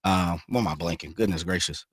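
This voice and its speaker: A male sports radio co-host with a fairly low voice, talking in a relaxed, rambling way and pausing to hunt for words. The studio sound is dry and close. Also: slightly rough, no room sound. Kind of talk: casual sports talk.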